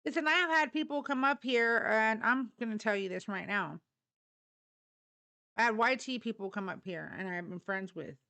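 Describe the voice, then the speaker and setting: A woman's voice: a little high, normal speed, bright, forceful tone, clean tone. A middle-aged woman hosting a live political talk stream, blunt, profane and fired up. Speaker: livestream host.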